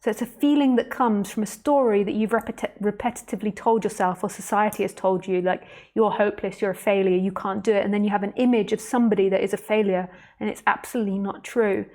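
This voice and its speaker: Woman, spiritual teacher, live stream. Soft, slow and reflective, mid-pitched, speaks straight to the viewer. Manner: slow, soft and reflective, addressing the listener directly; reads out viewer comments as she goes. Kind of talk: live-streamed talk answering viewer comments.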